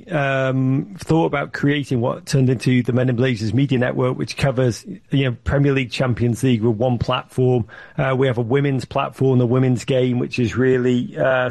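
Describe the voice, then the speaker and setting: A man talking about his media business in an interview, telling stories with lively acted-out quotes. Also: medium pitch, creaky. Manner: animated storyteller, acts out quotes. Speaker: media network founder, guest. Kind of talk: conversational interview.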